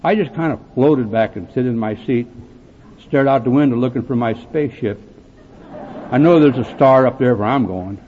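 A man's voice: mid-range voice, big-room sound. Blunt man telling his recovery story, tinny. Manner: blunt, gruff storytelling with dark humor. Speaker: AA speaker. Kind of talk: recovery meeting talk. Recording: tinny phone-like recording with faint hiss.

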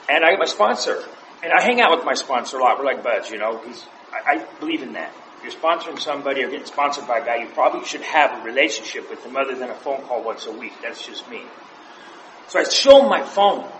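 A man's voice: mid-range voice, expressive, a little fast, a bit bright. A man sharing anecdotes in a casual, chuckling way at a group meeting. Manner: anecdotal, chuckles through his stories. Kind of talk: casual storytelling share. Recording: echoey room with faint noise.

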